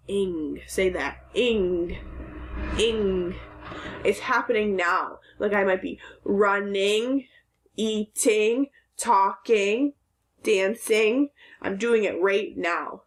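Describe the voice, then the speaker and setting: In a mid-range voice, a woman teacher gives a recorded phonics lesson for young children. She patiently sounds out words syllable by syllable.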